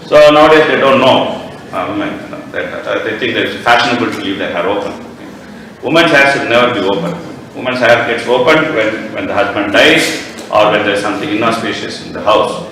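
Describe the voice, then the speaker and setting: Guy teaching scripture, bright tense voice, big echoey hall, mic far away. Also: medium pitch, fairly quick, a little hiss or hum. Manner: lively storyteller, moralizing asides. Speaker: speaker giving a scripture class. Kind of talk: devotional class storytelling. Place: temple hall.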